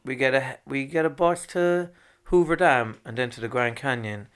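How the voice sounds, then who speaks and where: A man around forty speaks at an ordinary middle pitch. He tells stories in a loose, profane way, acting out quotes with lively energy. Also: normal speed, smooth. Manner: swears freely, animated, acts out quotes. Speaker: guest. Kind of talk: casual storytelling chat.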